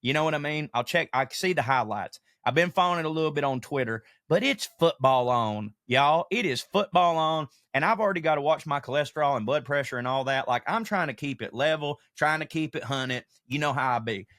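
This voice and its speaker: A man's voice: fairly high pitch, a little fast, hardly any pauses, no room sound, clean studio sound. Fired-up profane man on a podcast. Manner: animated, profane, rants with comic asides. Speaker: podcast host, comedian. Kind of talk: casual podcast monologue.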